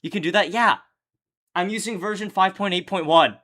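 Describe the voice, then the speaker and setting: High, bright-voiced young streamer man. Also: fairly quick. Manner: loose, profane, joking; answers chat questions while working. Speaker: streamer editing his own videos. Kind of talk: casual livestream chat.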